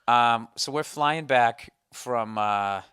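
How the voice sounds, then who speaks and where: A man spins a comic story in a loose, rambling way, swearing freely and poking fun at himself. His voice is smooth and clear. The sound is dry and close to the mic. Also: medium pitch, takes it slowly, bright, forceful tone, no room sound. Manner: rambling, profane, self-mocking. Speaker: podcast host. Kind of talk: casual comedic storytelling.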